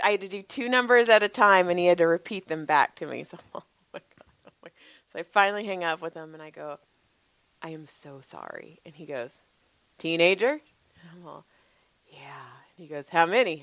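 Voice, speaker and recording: Animated, profane woman telling stories. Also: fairly low pitch, fairly quick, dry recording. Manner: animated, profane, laughs often, acts out quotes. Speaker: podcast co-host, massage therapist. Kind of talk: casual storytelling chat.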